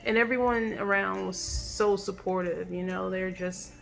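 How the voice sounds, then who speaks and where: A woman telling a personal story in a reflective, halting way, with many fillers and restarts. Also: mid-range voice, fairly even intonation, creaky, a bit bright, faint music behind. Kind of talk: personal testimonial monologue.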